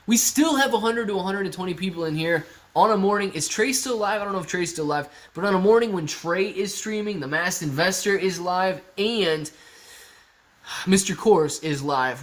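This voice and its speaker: Upbeat young guy from Ohio, stock stream host, chatty and joking, a touch higher pitched. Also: fairly bright tone. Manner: upbeat, jokey, talks to chat and a dog. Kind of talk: casual live chat reading comments.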